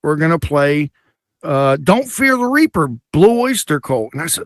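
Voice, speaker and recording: The host of a live comedy talk show tells a story casually and animatedly, imitating a band's sounds and acting out quotes. His voice is fairly high and his pace normal. The studio sound is clean with no room sound.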